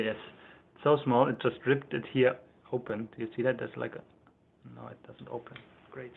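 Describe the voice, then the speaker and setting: A man's voice: mid-range voice, vocal fry, slight background noise. German guy rambling on a livestream, laughs a lot, thin phone-ish audio. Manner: chatty, rambling, laughs often, reads out chat comments. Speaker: livestream host. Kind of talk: casual livestream chat. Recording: tinny phone-like sound.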